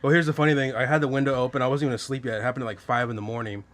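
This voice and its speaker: A man hosting a podcast, telling a story in a relaxed, profane, casual way. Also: medium pitch, racing. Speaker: podcast host. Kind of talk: casual chat.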